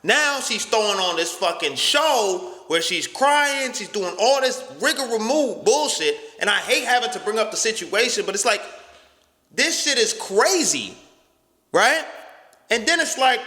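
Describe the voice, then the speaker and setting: A young man tells a story as a podcast host, loud and profane, acting out each person in turn. His voice sits high and comes out sharp and forceful. It rings with a long reverb, as if in a big room. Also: big pitch swings, a little slow. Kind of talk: animated storytelling rant.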